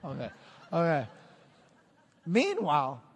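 Animated male pastor in a reverberant church. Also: fairly high pitch, takes it slowly, breathy edge. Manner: animated storytelling, acting out quotes. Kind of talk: sermon. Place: church sanctuary.

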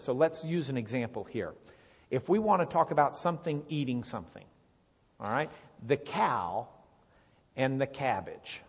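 A man giving Bible teaching to a congregation, explaining with lively questions to the room. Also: on the high side. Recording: long reverb of a large hall.

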